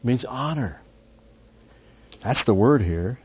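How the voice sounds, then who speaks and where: A man's voice: medium pitch, animated, slow pace, a little mellow, husky. A man teaching through a Bible passage verse by verse, conversational and full of asides, pressing hard on key words. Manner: conversational, with frequent asides and restarts. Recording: dull lo-fi recording.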